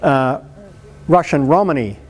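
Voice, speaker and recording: Man, preacher, sermon, emphatic, exhorting, higher voice. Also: unhurried. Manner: emphatic, animated, exhorting the congregation. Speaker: preacher leading a healing meeting.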